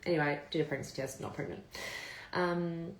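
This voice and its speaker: A woman with a low voice tells her story to viewers in a candid live chat. She talks casually, swears freely and keeps calling her audience "guys". The room around her sounds echoey. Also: a little fast. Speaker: vlogger.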